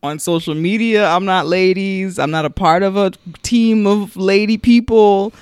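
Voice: medium pitch, steady tone, normal speed, darkish tone, smooth, no room sound, studio quality. A young adult podcast co-host, chatting casually in a blunt, joking, profane way. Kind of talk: casual chat.

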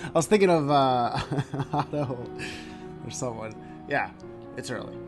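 Excitable ranting man, casual sports chat. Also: medium pitch, unhurried, music in the background. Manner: animated, ranting, excitable with sudden loud jumps. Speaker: podcast co-host.

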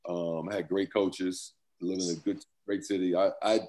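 Deep-voiced man telling football stories. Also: little pitch movement, moderate pace, a little mellow. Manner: loose, rambling, laughs often. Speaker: former pro football player, guest. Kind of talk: casual interview talk.

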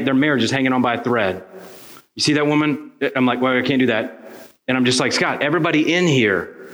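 A pastor telling a personal story in a sermon, acting out the voices of the people in it. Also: male voice, medium pitch. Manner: animated storyteller acting out dialogue.

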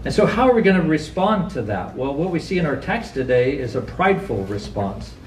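A man preaches from a pulpit, heard from some distance in a reverberant church. His voice sits a little high and jumps sharply upward when he presses a question. Faint room ambience lies underneath. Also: very animated, fairly quick, a little hiss or hum. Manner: earnest preaching, rising to high emphatic questions, acts out quotes. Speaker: pastor. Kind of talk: sermon. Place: church sanctuary.

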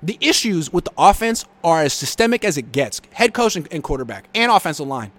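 A man's voice: on the high side, very animated, a little fast, no room sound. A man hosting a live sports reaction show, reading viewer comments and answering with blunt sarcasm.

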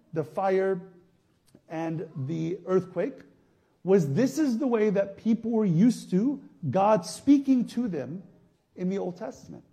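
A male priest giving a conversational sermon, going from soft, quiet asides to loud emphatic passages. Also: high voice. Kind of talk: sermon teaching.

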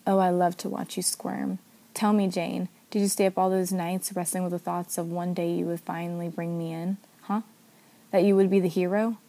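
A woman voicing a smooth-talking male vampire who teases and threatens his prey in a read-aloud story. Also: fairly low pitch, flat delivery, moderate pace, mellow, close to an everyday voice. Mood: menacing. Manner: sly, teasing.

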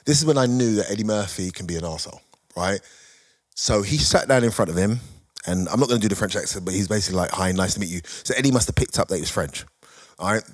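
A man, a comedian telling animated stories on a podcast panel. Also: fairly low pitch, quick pace. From Britain. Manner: animated anecdote-telling with quoted voices. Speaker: guest comedian. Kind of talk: casual storytelling on a podcast panel. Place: studio.

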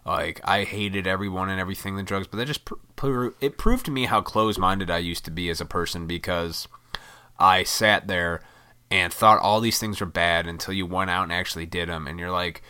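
A man with a deep voice that has a bright, edgy ring to it. He rambles loosely through a personal story, swearing freely and laughing at his own tale. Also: brisk, few pauses, smooth. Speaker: musician telling a personal story. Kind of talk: casual storytelling to camera.

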